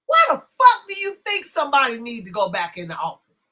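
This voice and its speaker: Brash, animated woman livestream host. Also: a little high, a little fast. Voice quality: brash, profane, swings from loud to hushed asides. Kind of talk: casual livestream rant.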